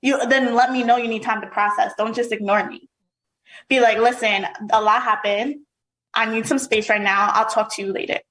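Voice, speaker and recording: A woman's voice: a little high, steady tone, fairly quick, fairly bright tone, rough recording. A woman co-hosting a podcast in casual chat, assertive and laying out her views point by point. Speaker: podcast co-host.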